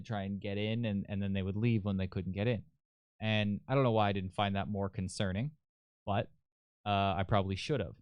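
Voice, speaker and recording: Young male podcast host, rambling profane storyteller, smooth clean tone. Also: on the low side, no room sound, muffled recording. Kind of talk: casual storytelling.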